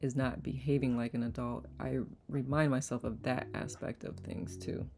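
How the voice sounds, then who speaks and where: A woman with a bass, gravelly voice hosts a live online community circle, reading comments aloud playfully and laughing often in casual livestream chat. Her intonation is fairly even and her speed normal. Background noise can be heard.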